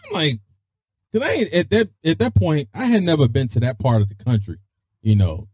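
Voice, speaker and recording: Man, podcast host, casual animated storyteller, swooping pitch, dry close sound. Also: moderate pace, breathy edge, no room sound. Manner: animated, swings his voice high for emphasis; peppers speech with "freaking" and "daggone".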